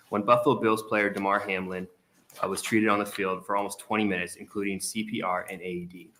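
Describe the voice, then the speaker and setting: A state senator presents his bill in a low, bright, forceful voice. He reads from a prepared statement and stumbles on a word here and there. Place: legislative hearing room.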